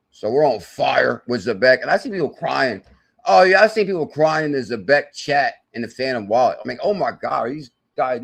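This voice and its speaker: Excitable man hyping crypto on a stream. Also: mid-range voice, gravelly. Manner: excitable and salesy, bursts of loud exclamation; thinks aloud while doing sums and checking charts. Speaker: crypto channel host. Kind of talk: live-streamed hype talk reading viewer chat.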